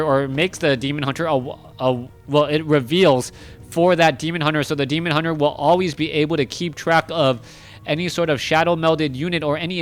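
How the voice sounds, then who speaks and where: Casting a strategy match by himself, a man with a fairly high voice talks through every move, chatty and often correcting himself. There's a little hiss or hum, and his excitement builds in the big moments of this esports commentary.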